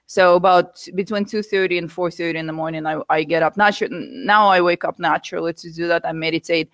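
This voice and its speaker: A woman from the United States, a guest telling her story candidly with animated asides. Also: lowish voice, fairly quick, no room sound. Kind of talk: interview conversation.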